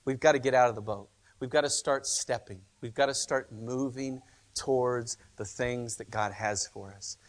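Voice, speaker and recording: A male pastor preaching a sermon in church, talking conversationally and emphatically, often repeating phrases. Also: medium pitch.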